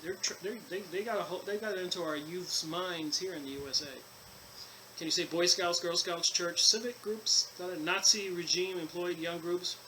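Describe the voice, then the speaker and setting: A man with a high, bright voice reads passages from a book aloud, then drifts into loose, repetitive commentary full of fillers and false starts. A faint hiss of background noise sits under the recording. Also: normal speed, rough recording. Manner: rambling, repeats himself, many fillers and restarts. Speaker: channel host reading and commenting on a book. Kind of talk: casual book commentary mixing reading aloud and rambling asides.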